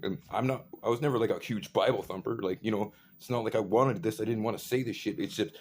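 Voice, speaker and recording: A man's voice: fairly low pitch, fast, a little mellow, a little hiss or hum. A man ranting in a rambling monologue, swearing often and filling gaps with "like" and "right". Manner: profane, rambling, full of fillers.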